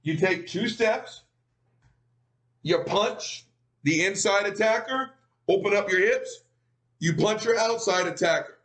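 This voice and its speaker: A man telling a profane, animated story, calling his audience "gang.". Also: high-pitched, slow pace, long pauses.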